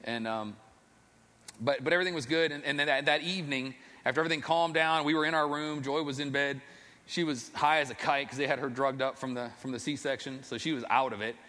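Fast-talking bright-voiced man in a hall. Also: mid-range voice, steady tone. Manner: earnest, rambling, self-deprecating. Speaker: father telling his faith testimony. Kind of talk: personal storytelling. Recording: long reverb, echoey hall.

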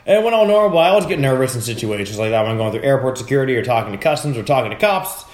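A man's voice: medium pitch, expressive, very fast, roomy sound. A man hosting a podcast, telling stories in casual chat, rambling and swearing a lot. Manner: rambling, profane storytelling. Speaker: podcast host.

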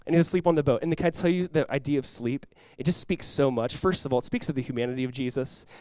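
A man, a pastor, preaching a sermon in an animated way, acting out voices with sudden loud bursts. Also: medium pitch, quick pace, dry recording.

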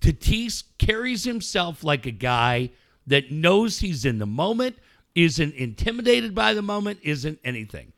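A man in casual chat, telling a profane, animated story to a friend. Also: on the high side, measured pace, vocal fry, no room sound, studio quality. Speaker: podcast co-host telling a story.

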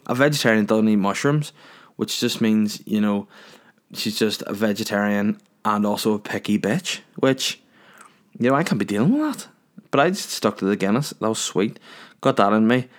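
A young man, telling a crude, rambling comic story in a loose monologue. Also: on the low side.

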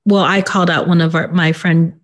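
A woman in an interview who gives a personal account in a halting, subdued way, with many pauses and fillers. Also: on the low side, little pitch movement. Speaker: interview guest.

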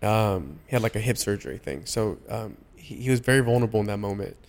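A young adult man sharing personal stories in a casual, heartfelt conversation, often pausing and restarting his sentences. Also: lowish voice, expressive. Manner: halting, many restarts and fillers.

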